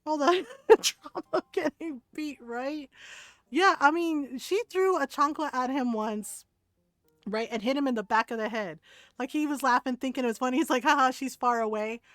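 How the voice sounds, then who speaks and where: A woman's voice: high voice, normal speed, dry recording. A middle-aged woman streamer telling family stories casually while gaming, laughing often and swearing freely.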